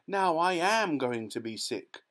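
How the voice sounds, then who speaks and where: A man voicing a shrill, panicky, complaining mother in a storybook reading. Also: animated, a little slow, fairly bright tone. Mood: panicked. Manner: shrieking, complaining.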